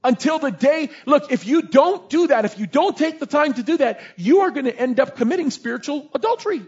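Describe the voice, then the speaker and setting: A man preaching a sermon as a chaplain, telling stories in a lively way and shouting when he acts out scenes. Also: very high-pitched, a little fast, dull audio. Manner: animated storytelling, shouting in re-enactments.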